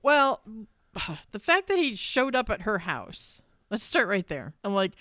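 A woman's voice: medium pitch, sing-song, a little slow, sharp tone, dry recording. A woman co-hosting a podcast in casual chat. She swears freely and acts out her own exasperated reactions. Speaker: podcast co-host.

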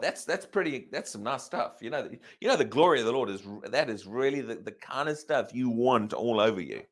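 A man preaching a sermon, reading scripture aloud and putting emphatic questions to his listeners. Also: moderate pace. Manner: emphatic, asks the congregation questions; lively, swinging pitch. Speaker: pastor.

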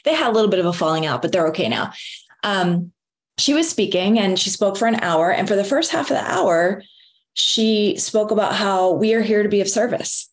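A middle-aged woman telling a personal story in an earnest, motivational way, with lively emphasis. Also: mid-range voice, normal speed. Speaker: wellness speaker. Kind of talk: motivational talk.

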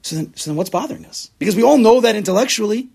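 A man teaching a Torah class to a room of listeners, animated and acting out people's inner voices, with Hebrew terms mixed in. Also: high voice, racing, gravelly, slightly rough. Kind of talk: classroom lecture with student questions.

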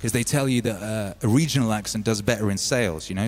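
A man's voice: on the low side, fast, hardly any pauses, darkish tone, faint music behind. Rambling British man telling stories. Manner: rambling, lots of "you know" fillers. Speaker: host of a music stream. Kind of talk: casual storytelling.

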